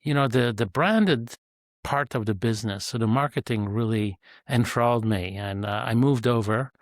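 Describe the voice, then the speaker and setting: A retired male executive guest on an interview podcast, talking in a measured, reflective way with frequent fillers. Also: mid-range voice, no room sound, clean studio sound. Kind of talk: conversational interview answers.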